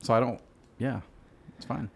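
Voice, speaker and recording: A man's voice: mid-range voice, normal speed, vocal fry, breathy edge. A man in his forties, a podcast producer, speaking in laid-back casual chat. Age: 40s.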